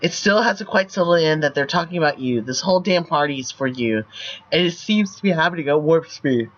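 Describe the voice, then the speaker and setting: Man with a fairly high voice reading game text aloud for a stream, playful, slightly muffled audio. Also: expressive, fairly quick, a bit bright. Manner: playful, laughs at the lines.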